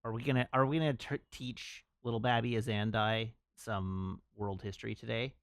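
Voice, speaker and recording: A man's voice: on the low side, fairly even intonation, normal speed, clean tone, dry recording, clean studio sound. A man chatting casually on his livestream, laughing and reading out chat messages.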